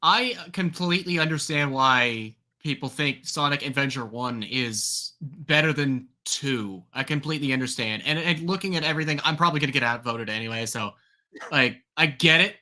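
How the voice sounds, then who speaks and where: Male panelist; mid pitch, sharply bright tone, agreeable and repetitive. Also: moderate pace. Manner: conceding, repeats himself to agree. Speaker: stream panelist. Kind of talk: casual panel chat.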